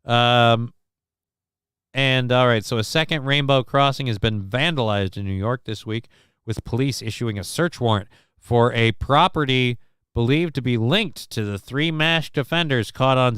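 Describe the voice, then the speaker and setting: A man's voice: medium pitch, normal speed, a bit bright, clean tone, no room sound. Guy hosting a stream, rambling sarcastic takes on clips, super clean dry audio. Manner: rambling, sarcastic, mock voices for people in clips. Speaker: show host. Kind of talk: casual live-stream commentary on news clips.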